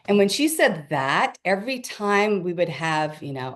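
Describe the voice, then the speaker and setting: A woman's voice: lowish voice, lively intonation, normal speed, hardly any pauses. A middle-aged woman, a podcast guest, earnestly telling a reflective personal story in a casual conversation. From Filipino heritage.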